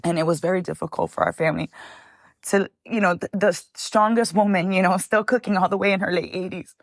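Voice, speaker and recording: This woman speaks in a lower register and tells heartfelt family stories with lively feeling, calling the listener "honey" and dropping in Spanish phrases. Her voice sounds close and dry, with no room echo. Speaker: guest, chef and cookbook founder. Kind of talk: emotional personal storytelling.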